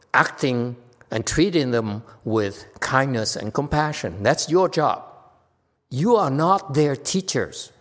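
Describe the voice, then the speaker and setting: A man giving a dharma talk as a Chan master, stern yet teasing, laughing at his own jokes. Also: on the high side. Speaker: Chan master teaching students. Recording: long reverb of a hall.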